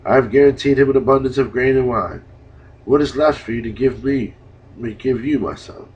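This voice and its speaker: A man reading the part of an aged father blessing his sons, slow and solemn, in a dull lo-fi recording. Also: medium pitch, a little hiss or hum, lightly acted. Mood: questioning.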